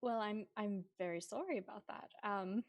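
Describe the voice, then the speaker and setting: A woman's voice: mid-range voice, normal speed. A woman playing her character in a tabletop game, hesitant and polite, with many ums. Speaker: player. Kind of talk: in-character tabletop role-play.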